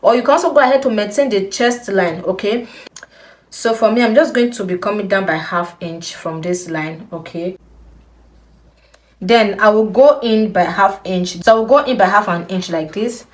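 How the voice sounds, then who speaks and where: A young woman giving a patient step-by-step sewing tutorial, repeating key points and checking in with the viewer. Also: mid-range voice. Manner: slow, patient, repeats instructions with frequent "okay?". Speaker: sewing instructor.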